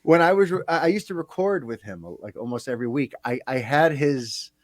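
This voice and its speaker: A man hosting a casual podcast chat, talking in a chatty, animated way with quick asides. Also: medium pitch, dry recording. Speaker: podcast host.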